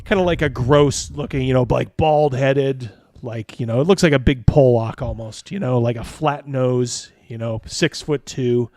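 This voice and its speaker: A man's voice: mid-range voice, moderate pace, hardly any pauses, warm tone, no room sound, studio quality. Give me a man game master narrating a scene, rambling with fillers. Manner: rambling, filler-heavy, chuckling.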